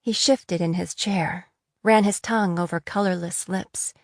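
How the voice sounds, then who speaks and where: A woman narrating a fantasy audiobook in a measured, steady reading. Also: lowish voice, no echo, clean studio sound. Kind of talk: scripted narration.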